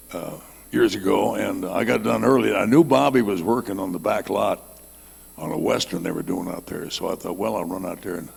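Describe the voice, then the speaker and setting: Gravelly older man telling a folksy story. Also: on the low side, big-room sound. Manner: folksy, rambling, laughs at his own jokes. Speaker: panel guest telling a story. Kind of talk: storytelling on a reunion panel.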